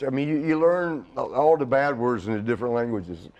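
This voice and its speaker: A man's voice: medium pitch, lively intonation, unhurried, a little mellow. A middle-aged man telling stories as a guest in a casual studio interview, rambling with frequent restarts and laughing at his own jokes. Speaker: interview guest, retired wrestler.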